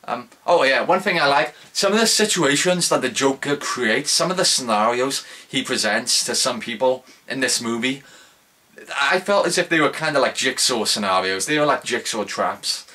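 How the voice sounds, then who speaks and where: Rambling young man with a bright voice. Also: medium pitch, expressive, normal speed. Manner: rambling, full of "like" fillers and restarts. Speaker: movie reviewer. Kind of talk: casual spoken movie review.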